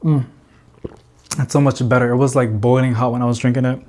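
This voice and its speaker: A man's voice: mid-range voice, level tone, a little fast, darkish tone. A man chatting casually to camera as a plant vlogger in an indoor plant room, rambling with lots of fillers and little laughs.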